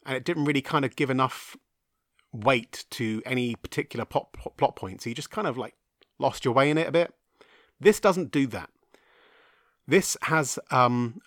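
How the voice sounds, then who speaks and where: Chatty film podcast host. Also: male voice, medium pitch, a bit bright, dry recording, studio quality. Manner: chatty, rambling, self-deprecating. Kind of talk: casual solo film review.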